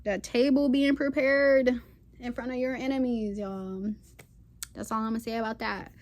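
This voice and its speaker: Woman host with a higher voice, ranting defiantly to camera in casual slang and hammering her points with repeats. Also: fairly even intonation, normal speed, darkish tone. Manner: sassy, defiant, repetitive emphatic phrasing. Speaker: spiritual channel host. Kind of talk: impassioned unscripted rant to camera.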